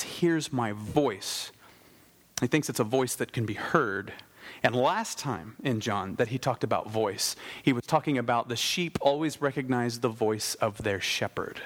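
A man preaching a sermon in a lively, conversational way, with wry asides. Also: medium pitch. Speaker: pastor.

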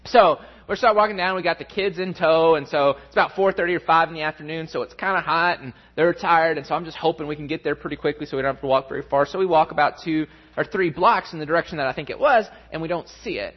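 High-voiced man preaching a sermon. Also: fast, few pauses, dull audio. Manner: storytelling, animated, mimics voices in anecdotes. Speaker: pastor.

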